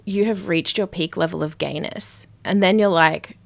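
A woman's voice: lowish voice, moderate pace, vocal fry. A woman co-hosting a podcast in casual chat, teasing her co-host, swearing freely and laughing often. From Australia.

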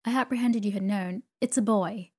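Woman doing a meek country doctor, soft-spoken, gentle, deferential, storybook reading. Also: mid-range voice, normal speed, breathy edge, close to an everyday voice. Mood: meek, soothing. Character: meek mild-mannered male country doctor.

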